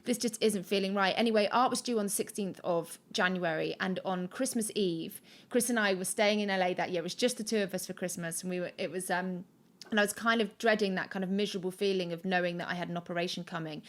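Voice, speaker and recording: A woman in her thirties, a podcast guest recorded remotely from home, telling a story in a chatty, animated way full of restarts and acted-out quotes. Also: lowish voice, fast. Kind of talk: casual storytelling.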